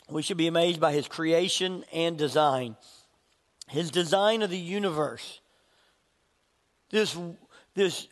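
A man preaching a sermon as a pastor, conversational and jokey, often restarting his phrases. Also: on the high side. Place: church sanctuary. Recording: long hall reverb.

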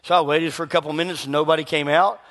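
A man delivers a sermon with a notably high voice, full of animated storytelling where he acts out the people in his anecdotes. His voice rings out with the long reverb of a church hall. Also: rapid-fire. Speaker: pastor.

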